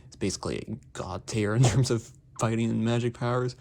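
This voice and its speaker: A man's voice: medium pitch, steady tone, fairly quick, creaky, a little mellow. A young man giving a casual, rambling book review, packed with fillers and restarts. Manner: rambling, heavy on fillers like "like" and "basically".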